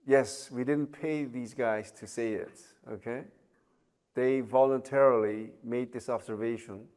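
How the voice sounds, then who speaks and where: A man's voice: mid-range voice, fairly even intonation, measured pace, a little mellow. A man giving a recorded university lecture, chatty, with joking asides, many fillers and tag questions.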